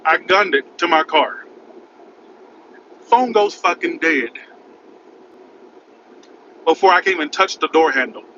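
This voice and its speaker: A man telling a rambling, frantic story in a casual vlog, recorded in his car by a highway. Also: a little slow, pauses often, sharp tone. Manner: rambling, frantic, repeats "oh my God". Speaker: vlogger. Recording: muffled with road noise.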